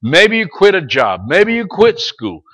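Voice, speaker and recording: A middle-aged pastor preaches to his congregation in a voice pitched a touch high for a man. He moves between quiet, conversational asides and loud, stretched-out calls not to give up. Now and then he turns to single listeners and speaks to them by name. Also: very animated. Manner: preaching that swings between soft asides and loud, drawn-out exhortations. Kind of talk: sermon.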